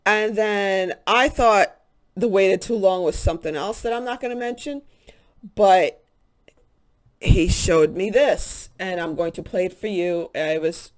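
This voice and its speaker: A woman hosting a spiritual channel, talking in an earnest, halting casual monologue with many pauses and fillers. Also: fairly low pitch.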